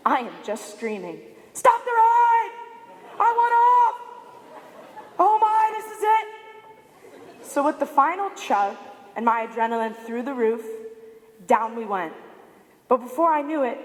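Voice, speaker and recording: A woman's voice: fairly high pitch, long reverb tail. A young woman giving a prepared speech at a student symposium, telling a story and acting out the quotes in it. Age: young adult. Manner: storytelling with lively acted-out quotes. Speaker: student speaker.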